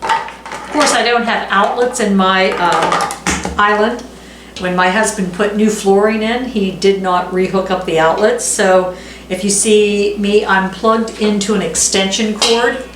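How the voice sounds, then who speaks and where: A woman's voice: mid-range voice, steady tone, a little slow, background noise. Middle-aged lady chatting thru a cooking vlog, jokes at herself, roomy kitchen w dishes clanking. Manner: chatty, self-deprecating, reads recipe steps aloud. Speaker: home cooking video host. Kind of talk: casual cooking vlog chat. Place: home kitchen. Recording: echoey kitchen with clattering dishes.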